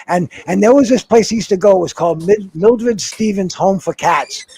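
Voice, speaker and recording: Rambling, swearing man with a high voice. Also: normal speed, darkish tone, slightly rough. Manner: rambling, heavy swearing, repeats words. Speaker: call-in guest. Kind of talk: casual storytelling on a call-in show.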